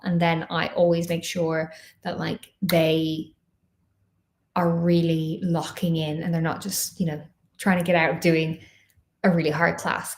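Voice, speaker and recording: Chatty woman dance teacher, echoey room. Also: on the low side. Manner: chatty, rambling with fillers. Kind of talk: casual Q&A chat.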